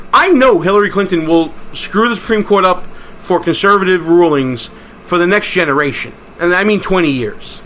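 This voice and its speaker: A man's voice: high voice, sharp tone, a little hiss or hum. A man hosting a political talk show, speaking in an emphatic, rallying, conversational way. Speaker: host.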